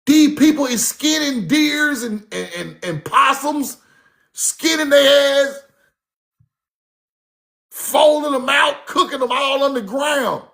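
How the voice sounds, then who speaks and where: A man telling stories about his grandmother in a casual monologue. He is animated and profane, and he repeats himself for emphasis. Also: very high voice, takes it slowly, vocal fry. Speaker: speaker recounting his grandmother's teachings.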